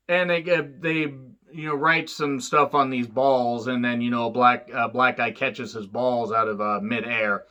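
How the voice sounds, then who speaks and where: Bright-voiced man rambling through a film recap. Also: fairly even intonation, normal speed. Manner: rambling and profane, with many fillers and wisecracks; jumps up in pitch when acting out quotes. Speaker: movie reviewer. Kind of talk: casual spoken film recap.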